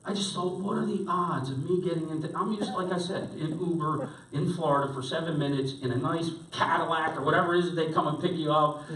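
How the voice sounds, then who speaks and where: A man's voice: fairly high pitch, steady tone, fast, hardly any pauses, a bit bright. A man preaching as a pastor, telling a story in a conversational way with lots of restarts and fillers. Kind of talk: storytelling sermon. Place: church hall. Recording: echoey hall, voice from far off.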